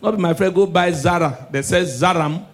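A man with a Nigerian accent works a stand-up set in a high-pitched voice. He slides between Pidgin and English and lets his voice sink into quiet asides. Then he bursts out loud for the punchlines. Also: normal speed, slight background noise. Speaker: stand-up comedian. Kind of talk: stand-up comedy.

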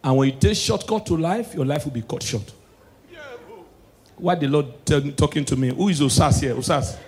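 A man with a Nigerian accent performing stand-up comedy in Pidgin English, swinging from preachy lecturing to loud shouted punchlines. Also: on the high side, moderate pace, a little hiss or hum.

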